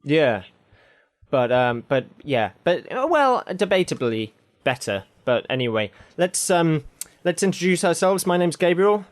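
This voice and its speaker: A man co-hosting a casual podcast, joking in a dry, deadpan way. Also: on the high side, a little slow. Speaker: podcast co-host. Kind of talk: casual chat.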